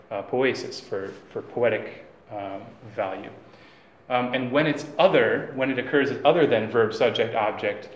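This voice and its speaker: A man giving a classroom lecture, halting, with many fillers and restarts. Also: mid-range voice, reverberant.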